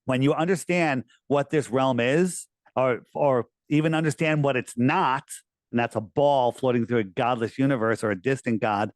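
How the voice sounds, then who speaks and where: Man, mid pitch, insistent and animated, dry close sound. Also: normal speed, no room sound. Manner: animated, insistent, uses mocking put-on quotes. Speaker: guest. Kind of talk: casual conversation.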